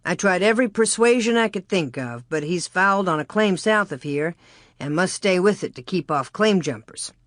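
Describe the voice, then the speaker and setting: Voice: mid-range voice, animated, normal speed, no echo, clean studio sound, lightly acted. A reader voicing a cheerful frontier father who tells a story with a hearty, folksy manner. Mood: lively telling.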